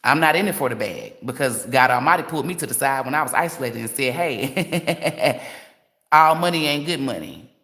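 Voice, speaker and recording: A woman's voice: a bass voice, moderate pace, fairly bright tone. Blunt, profane woman tarot reader ranting. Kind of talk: livestream rant.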